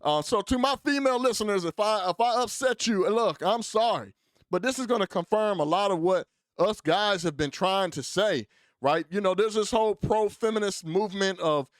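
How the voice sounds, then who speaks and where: A man's voice: high-pitched, moderate pace, dry recording. A man hosting a commentary show, talking in a rambling, casual way with lots of fillers and speaking straight to his listeners. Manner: rambling, filler-heavy, addresses listeners directly. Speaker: commentary channel host.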